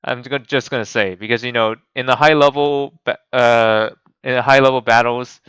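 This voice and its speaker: Male gaming host, casual rambling commentary, bright crisp voice, dry close mic. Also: medium pitch, fairly even intonation, moderate pace, no echo, low-quality recording. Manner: rambling, many restarts and fillers. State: voice cracking.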